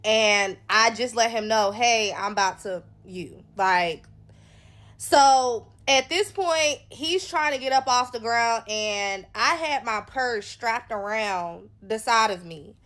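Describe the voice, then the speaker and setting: A woman's voice: a little high, animated, takes it slowly, fairly bright tone. A woman from North Carolina, candidly telling viewers her own story in a casual, conversational way. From North Carolina, USA.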